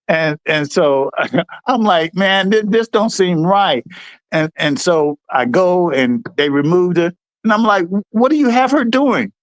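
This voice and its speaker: Here the pace is slow and the recording dry as a middle-aged American man chats on a livestream about his service experiences. He brings the stories to life animatedly, impersonating the people involved by speaking their words in a higher register.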